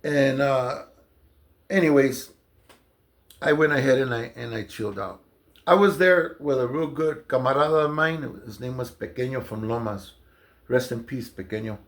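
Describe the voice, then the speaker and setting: A man's voice: mid-range voice, normal speed. A man casually telling a long personal story, loose and conversational with lots of fillers and restarts. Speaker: storyteller recounting jail experiences.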